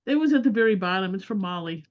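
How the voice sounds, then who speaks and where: A woman's voice: mid-range voice, lively intonation, quick pace. A woman moderating a Q&A, chatting in a hesitant, rambling way with many fillers. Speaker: moderator reading questions. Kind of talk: casual Q&A chat. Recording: dull lo-fi sound.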